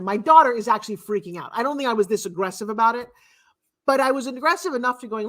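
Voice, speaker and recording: A woman's voice: on the high side, fast talker. A middle-aged woman giving a blunt, emphatic motivational talk as a guest speaker and mentor. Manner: blunt and emphatic, with sharp swings in loudness.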